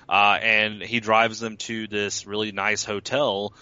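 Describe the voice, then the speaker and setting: A man talks through a TV episode in a loose, rambling way, stopping and restarting often. His voice sits on the low side with a bright, forceful edge. The sound is dry and a little dull, like a lo-fi recording. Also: level tone, measured pace, clean tone, dry recording. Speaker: podcast co-host recapping a TV episode. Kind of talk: casual chat.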